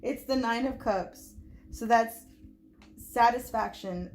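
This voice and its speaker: A woman giving a tarot reading to her viewers, overwhelmed and close to tears, talking fast and emotionally. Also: on the high side, a little mellow, slight background noise. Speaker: tarot reader.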